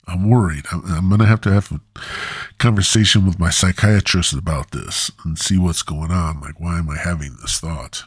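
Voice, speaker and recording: A man's voice: low voice, slightly rough, no room sound. A man hosting a podcast, rambling through a crude comedic monologue, repeating himself on a close mic. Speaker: podcast host.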